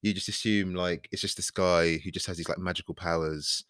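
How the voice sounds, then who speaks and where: A man's voice: low-pitched, steady tone, a little fast, fairly bright tone, clean tone, no echo, clean studio sound. A man hosting a podcast, asking rambling questions full of "kind of" and "like". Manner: rambling questions with many fillers. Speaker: podcast host. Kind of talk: casual podcast interview.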